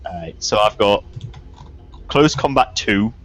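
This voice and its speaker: A man's voice: on the low side, animated, unhurried, low-quality recording. A man playing in a casual tabletop role-playing session, easygoing and jokey as he reads out his stats. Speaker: player. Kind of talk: casual tabletop game chat.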